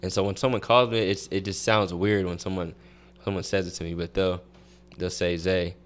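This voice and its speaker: A man's voice: low-pitched, little pitch movement, normal speed. A young man, a college track athlete, chatting as a podcast guest and telling rambling stories with many restarts. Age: young adult. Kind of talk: casual interview chat.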